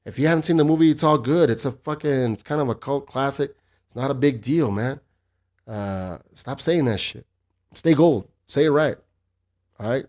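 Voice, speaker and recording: A man's voice: mid-range voice, moderate pace, a little mellow. A man in his thirties hosting a solo podcast, swearing freely and ranting in a cocky, casual way. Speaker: podcast host.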